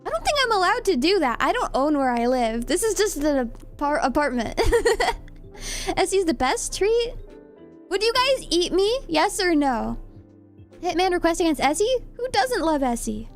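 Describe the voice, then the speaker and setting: A woman's voice: very high voice, big pitch swings, a little slow, faint music behind. A young woman streamer chatting casually with viewers, reading chat aloud and giggling often while she does her nails.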